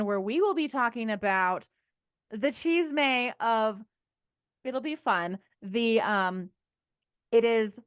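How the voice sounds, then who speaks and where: A woman's voice: fairly high pitch, fairly bright tone, no echo, clean studio sound. Enthusiastic woman podcast co-host. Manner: enthusiastic, wraps up the show with plugs. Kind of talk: casual chat.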